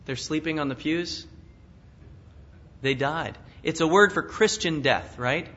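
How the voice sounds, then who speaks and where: A man's voice: a little high, a little slow, a bit bright. A pastor preaching an expository sermon in an earnest manner, asking questions and chuckling at his own asides. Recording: dull lo-fi sound.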